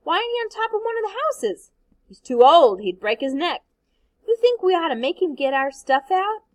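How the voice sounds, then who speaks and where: A woman reading aloud, voicing a frightened little girl who asks high, wide-eyed questions. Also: very animated, normal speed, dry recording. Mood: puzzled. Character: young girl, sleepy and scared.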